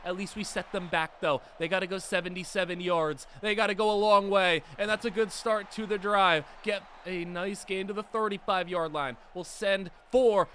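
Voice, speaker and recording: A hoarse young man giving excited commentary over a football video game, yelling at big plays and muttering between them. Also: high voice, moderate pace, few pauses, slight background noise. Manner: yells and groans over plays, swings from hoarse mutter to shouting. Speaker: gaming YouTuber.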